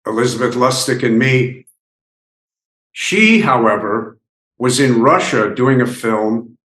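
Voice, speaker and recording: Slow-talking older man in an echoey room. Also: mid-range voice, animated, fairly bright tone. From United States. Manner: rambling, halting storytelling with many restarts. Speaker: actor interviewee. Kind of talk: reminiscing interview.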